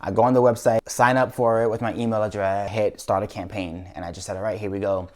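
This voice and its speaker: A man's voice: on the low side, steady tone, fast, darkish tone, a little hiss or hum. A YouTuber man earnestly telling a heartfelt personal story in a vlog, with frequent restarts.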